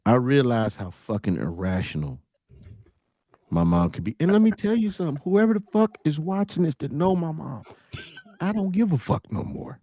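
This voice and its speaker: Brief: man, forties, podcast co-host, profane animated storyteller, fairly high voice. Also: moderate pace, no room sound, highs cut off. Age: 40s. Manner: animated storyteller, acts out quotes. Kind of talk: casual profane banter.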